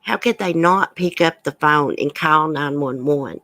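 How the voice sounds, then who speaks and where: A woman's voice: low voice, unhurried, fairly bright tone, no room sound. A woman hosting a true crime commentary livestream, reading news items aloud and giving blunt opinions to her chat viewers. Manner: reads news aloud, then gives blunt outspoken opinions. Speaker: livestream host.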